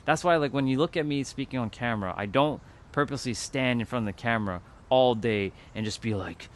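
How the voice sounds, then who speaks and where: A man's voice: mid-range voice, brisk, a little hiss or hum. A man hosting a livestream, talking to his chat in a loose, rambling way, with lots of fillers and casual swearing. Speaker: livestream host.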